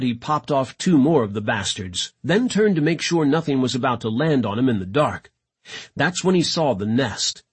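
A man reading a sci-fi audiobook in a dramatic, expressive narration. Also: mid-range voice, slightly rough. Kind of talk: scripted narration.

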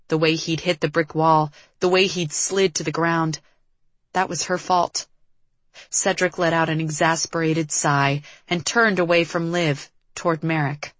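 A woman narrating a novel as an audiobook, in a steady storytelling manner. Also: low voice, dry recording. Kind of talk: scripted narration.

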